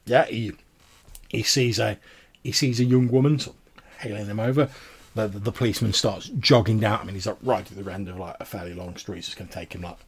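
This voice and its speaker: A man's voice: lowish voice, fairly even intonation, brisk, husky. A man narrating as game master of a tabletop role-playing game, rambling with lots of fillers.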